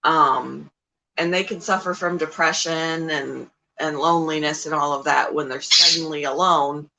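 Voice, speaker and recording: A woman's voice: sits low, fairly even intonation, normal speed, creaky, sharp tone, slight background noise, rough recording. A middle-aged woman hosting a casual livestream, chatting in a rambling way with frequent ums as she talks about her pets. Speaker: livestream host and pet keeper.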